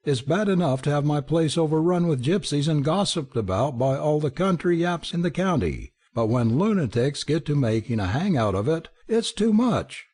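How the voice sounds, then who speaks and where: Man doing a gruff country landowner, blustering, husky, raised pitch. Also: big pitch swings, moderate pace, hardly any pauses, darkish tone. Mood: irritated. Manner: blustering, impatient. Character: gruff middle-aged country landowner, irritable and passionate.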